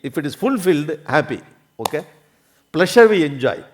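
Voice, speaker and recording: A man's voice: fairly high pitch, sing-song, normal speed. Man giving a spiritual discourse. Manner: checks understanding often, coughs now and then. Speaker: spiritual teacher. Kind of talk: religious discourse.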